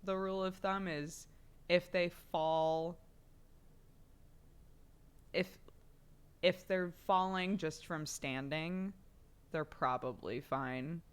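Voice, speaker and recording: Low-voiced, unhurried young woman streamer. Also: fairly even intonation, clear, resonant tone. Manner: chatty storytelling with frequent laughter and swearing. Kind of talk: casual chat.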